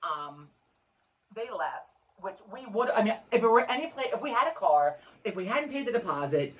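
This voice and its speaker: Woman, podcast co-host, casual chat, swears a lot, rambling, mid pitch. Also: big pitch swings, normal speed, fairly bright tone. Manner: frank, swears often, rambling storytelling with many restarts.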